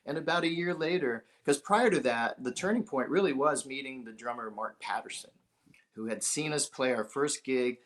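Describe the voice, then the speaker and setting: A man's voice: mid-range voice, moderate pace. A middle-aged man from Ohio, a musician as an interview guest, telling stories animatedly, acting out the voices of the people he quotes and chuckling often. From Dayton, Ohio. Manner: animated storyteller who acts out quoted voices, with frequent chuckles. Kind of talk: storytelling in a conversational interview.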